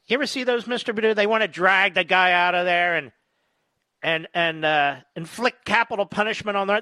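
A man's voice: sits high, a little fast, sharp tone, clear, resonant tone, dry recording. A man hosting talk radio, delivering combative, sarcastic commentary.

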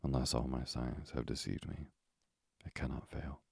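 A man in whispered role-play voicing an impetuous, devoted scientist husband in a breathy, urgent whisper. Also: very deep voice, level tone, normal speed, no echo, studio quality, full character voice. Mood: hushed urgent.

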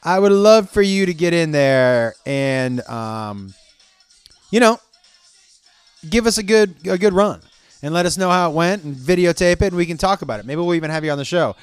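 A man's voice: fairly high pitch, animated, moderate pace, clean tone, dry recording, faint music behind. A man hosting a podcast in a loose, profane, rambling comedic monologue. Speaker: podcast host.

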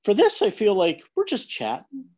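A man with a Pittsburgh accent, chatting on a podcast over a video call while lying down, relaxed, with halting restarts. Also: sits high. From Pennsylvania. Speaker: executive editor. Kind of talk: casual chat.

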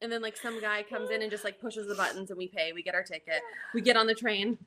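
A young woman guest on a podcast, retelling a trip in lively casual chat and acting out the story. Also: mid-range voice, fast.

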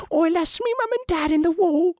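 A ragged little orphan pleads for a coin in a high, put-on cockney voice, a man putting it on. The sound is close and dry. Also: expressive, normal speed, a little mellow, no echo. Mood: pleading. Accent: put-on British. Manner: pleading, exaggerated, giggling through it. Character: begging street-urchin orphan, child, pitiful.

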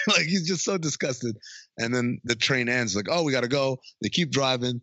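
A man in casual chat, retelling a movie scene by scene, acting out the lines in quick funny voices and laughing often. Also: medium pitch, expressive, pushed and bright, dry recording. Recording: dry, dull lo-fi sound.

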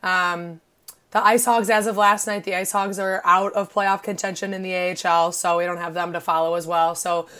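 Excitable young woman from illinois chatting on a podcast, says like a lot, gushes. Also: lowish voice, moderate pace. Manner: excitable, gushing, heavy on "like" fillers. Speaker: podcast co-host. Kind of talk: casual podcast chat.

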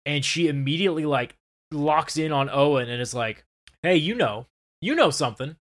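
Animated, cursing male podcast host. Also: a little high, moderate pace. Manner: animated, swearing, acts out scenes in quoted voices. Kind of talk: casual podcast chat.

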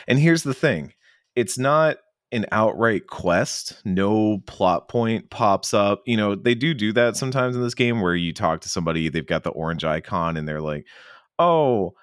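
A man co-hosting a casual podcast chat, enthusiastic and fond of acting out characters in quick silly voices. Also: lowish voice, clean tone, no room sound, clean studio sound. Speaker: podcast co-host.

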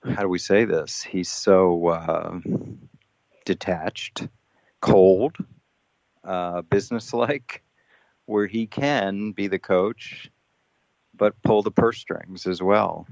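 A man hosting a podcast, talking conversationally and pausing to search for words. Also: low-pitched, fairly even intonation, creaky, darkish tone, no echo. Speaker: podcast host, former team executive. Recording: dull lo-fi audio.

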